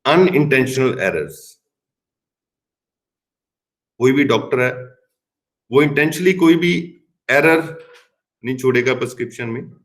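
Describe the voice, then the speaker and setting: A man's voice: medium pitch, expressive, racing, long pauses, low-quality recording. A middle-aged man with an Indian English accent giving a recorded pharmacy lecture, stressing key words and now and then slipping into Hindi. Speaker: pharmacy professor.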